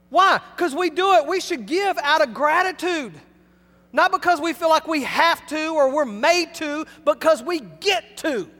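A male pastor delivering an emphatic sermon, swinging between loud and hushed. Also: extremely high pitch. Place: church sanctuary. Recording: long hall reverb.

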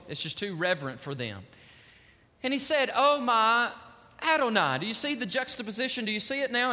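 A male preacher delivers an impassioned sermon with a high, bright, forceful voice. He speaks with urgency and fervor, as if he can't wait to share his message. Long reverb from a large sanctuary trails behind every phrase. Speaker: pastor.

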